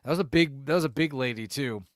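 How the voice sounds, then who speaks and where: A man's voice: medium pitch, fast, no echo, studio quality. A man co-hosting a podcast in casual chat, rambling and cursing as he acts out quotes in different voices. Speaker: podcast co-host.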